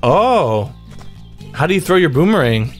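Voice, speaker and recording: Excitable man hosting a let's play. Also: fairly high pitch, unhurried, soft background music. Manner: excitable, repeats phrases, swears. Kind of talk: casual gaming chat.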